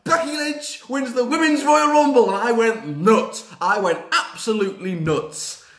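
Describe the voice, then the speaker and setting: A man chatting casually in a fan reaction video, rambling with fillers and repeated words and breaking into excited cheers. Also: extremely high pitch, measured pace, roomy sound. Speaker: wrestling reaction vlogger.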